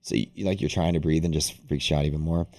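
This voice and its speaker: A young man hosting a livestream, casually telling a long story to his audience, rambling and animated with lots of "like". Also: rumbling low, quick pace. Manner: rambling, animated, heavy use of "like". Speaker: day-trading livestream host.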